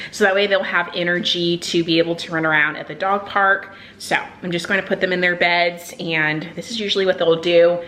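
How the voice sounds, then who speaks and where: A young woman chatting casually to camera in a vlog about her dogs, talking about their care and routine. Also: slight background noise. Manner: chatty, switches to high excited praise for the dogs. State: out of breath. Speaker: vlogger, dog owner.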